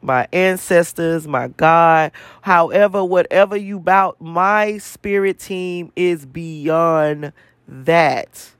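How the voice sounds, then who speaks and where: Man, high-pitched, profane repetitive rant, dry close sound. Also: takes it slowly, fairly bright tone, smooth, dry recording. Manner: profane, emphatic, repeats phrases for emphasis. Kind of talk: casual spiritual rant to camera.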